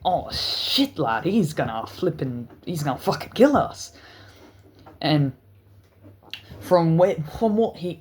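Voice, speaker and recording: A man telling a wild story in a storytime vlog, stuttering often and cursing freely. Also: medium pitch. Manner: stuttering, profane, animated storytelling. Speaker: channel host.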